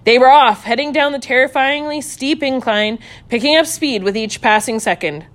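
A woman's voice: a little high, fairly quick, few pauses. Woman reading a children's story aloud. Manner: playful, animated sound effects.

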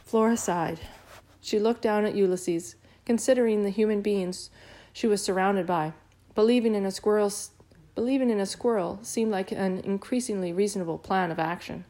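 Mellow woman reading a storybook. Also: mid-range voice, normal speed. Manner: lively, varies voices for characters. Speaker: narrator. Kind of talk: audiobook reading.

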